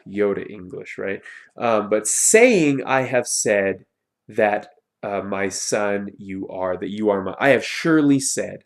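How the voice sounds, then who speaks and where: A man teaching a recorded online lesson, explaining step by step with fillers and self-corrections, and pronouncing foreign words slowly and carefully. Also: mid-range voice, creaky.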